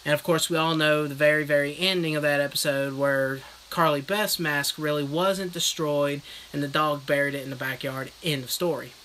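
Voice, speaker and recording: Crude, rambling man with a bright voice. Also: fairly high pitch, steady tone, normal speed, hardly any pauses, slight background noise, rough recording. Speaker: book reviewer streaming live. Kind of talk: comedic casual recap.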